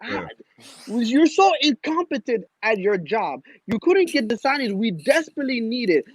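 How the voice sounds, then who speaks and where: A man's voice: very high voice, big pitch swings, normal speed, slightly rough, no room sound, rough recording. A man speaking as a guest panelist, ranting in an exasperated way as a fan. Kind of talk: passionate fan rant.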